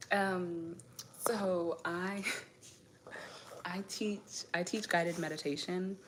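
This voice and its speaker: A woman with a low, gravelly voice chats casually with viewers on a live stream. She was raised in the United States and answers their comments one by one, laughing often. A faint hiss sits under her voice. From United States (raised in Indianapolis).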